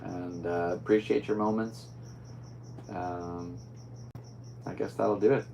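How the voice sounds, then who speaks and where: Alone on his own podcast, a man rambles easygoingly and signs off upbeat. His low voice is steady and slow with vocal fry, set against a noisy background.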